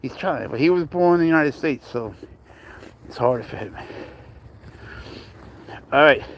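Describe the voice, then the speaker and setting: Lively-pitched man coaxing his pet. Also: a little slow, a little hiss or hum. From Spain. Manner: coaxing, playful, cheering. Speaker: pet owner filming his cat. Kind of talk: casual talk to a pet.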